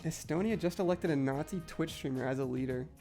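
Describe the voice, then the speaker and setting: High-voiced young man ranting on stream. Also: fairly quick, dark tone, faint music behind. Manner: frustrated ranting, heavy swearing, many "like" fillers. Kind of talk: casual live-stream chat while gaming.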